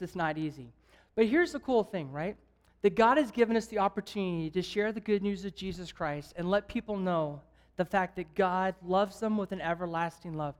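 A male evangelist gives a lively sermon to a church congregation. He tells his stories with animation and breaks into chuckles and jokes along the way. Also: high voice. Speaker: guest evangelist. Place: church service.

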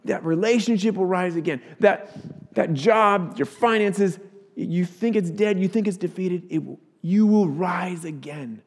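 A man preaching a sermon as a pastor, earnest and swelling louder at key points. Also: high-pitched, unhurried, breathy edge, in a large hall.

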